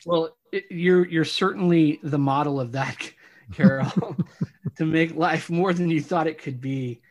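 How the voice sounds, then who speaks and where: Slow, halting male co-host. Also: on the high side. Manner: halting, stammers and fills pauses. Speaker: podcast co-host. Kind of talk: podcast interview.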